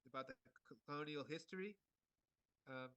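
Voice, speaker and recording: A man giving an art lecture in short phrases, pausing for an interpreter and filling gaps with many hesitations. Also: on the high side, a bit bright, clean tone, no echo. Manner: halting, many fillers and restarts.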